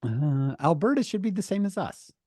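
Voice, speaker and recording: A man's voice: on the high side, very animated, normal speed, mellow, no room sound, clean studio sound. A man hosting a youth group on a video call, greeting each person in a playful, teasing way. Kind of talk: casual chat on a video call.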